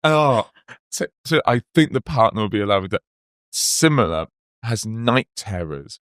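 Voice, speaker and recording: Man telling animated stories. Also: fairly low pitch, unhurried, no room sound, studio quality. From Wales. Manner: animated storytelling, acts out quoted voices. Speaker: podcast host. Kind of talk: casual podcast chat.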